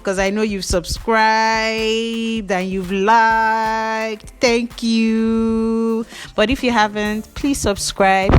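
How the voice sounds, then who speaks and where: A woman hairdresser hosting a hair tutorial, talking casually to camera in a chatty, upbeat way and repeating her thanks and requests to viewers. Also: medium pitch.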